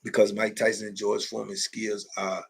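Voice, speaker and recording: A man's voice: lowish voice, level tone, a little fast, vocal fry, breathy edge. A middle-aged man hosting a late-night live chat, telling stories in street slang, repeating himself and laughing often. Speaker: host.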